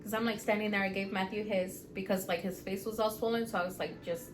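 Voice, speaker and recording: A woman co-hosting a podcast, telling stories in casual chat, animated and profane, acting out quotes loudly. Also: mid-range voice, fast, music in the background. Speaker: podcast co-host.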